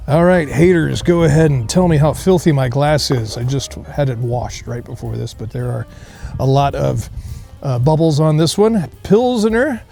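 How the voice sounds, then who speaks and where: A man's voice: mid-range voice, normal speed, vocal fry, mellow, soft background music. A man hosting a casual beer review outdoors, rambling through jokey tasting notes with many fillers. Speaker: beer reviewer, show host. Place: outdoor beer garden on a cold day.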